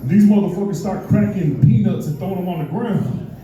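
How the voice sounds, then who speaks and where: Profane stand-up comic in an echoey room. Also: male voice, sits high, fairly quick, warm tone, recorded from a distance. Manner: profane storytelling with put-on voices. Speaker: stand-up comedian. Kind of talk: stand-up set at an open mic. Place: bar or club open mic stage.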